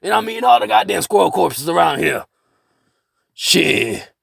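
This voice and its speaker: A man voicing a crazed older male war veteran who rants, curses and shouts from his bunker. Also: sits high, sing-song, measured pace, vocal fry, slightly rough, no echo, studio quality, pitched above the performer's own voice, exaggerated voice. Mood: boastful. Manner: ranting, cursing, shouting.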